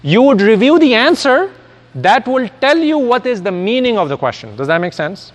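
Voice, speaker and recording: A man's voice: very high-pitched, big pitch swings, normal speed, in a large hall. A man, a native Urdu speaker, giving a recorded lecture and explaining step by step with rhetorical questions.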